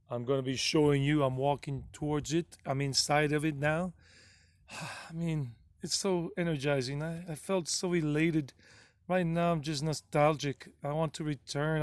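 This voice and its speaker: A man's voice: on the high side, darkish tone, dry recording. A man narrating his travel footage in a casual vlog, gushing and rambling and often repeating himself. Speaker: travel vlogger.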